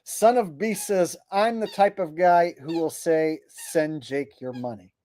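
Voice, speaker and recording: In a dry recording, a man's fairly high, mellow voice moves a little slowly as he hosts a casual livestream. He reads super chats from viewers aloud in mock voices, then goes off on blunt, profane, exasperated rants.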